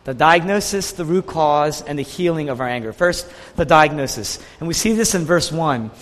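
A man's voice: a little high, animated, normal speed, fairly bright tone. A man preaching a sermon with emphasis, repeating key phrases for weight. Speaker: pastor. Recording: long reverb of a large hall.

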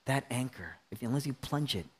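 A male pastor preaching a sermon, swinging from loud, ringing calls to hushed, almost whispered lines. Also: medium pitch, animated, a little fast, breathy edge. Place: church sanctuary.

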